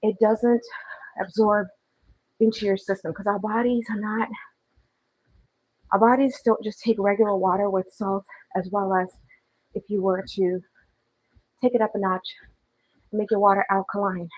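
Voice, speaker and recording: A woman's voice: mid-range voice, steady tone, moderate pace, pauses often, low-quality recording. A woman chatting on a livestream as she walks on a treadmill, reading and answering the live chat, a little out of breath. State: slightly out of breath from walking. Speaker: fitness vlogger. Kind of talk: casual livestream chat while walking on a treadmill. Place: home, on a walking treadmill.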